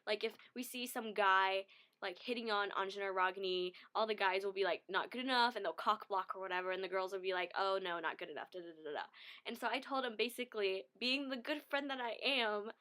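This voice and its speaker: A woman's voice: medium pitch, fairly even intonation, quick pace, bright, forceful tone. A young woman, telling a story in a chatty, giggly way and saying "like" a lot. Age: young adult. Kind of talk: casual storytelling vlog.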